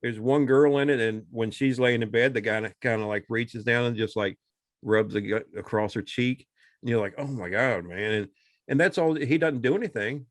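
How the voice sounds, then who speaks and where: Man, podcast co-host, casual chat, animated rambling retelling, mid pitch, dry room. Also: normal speed, dry recording.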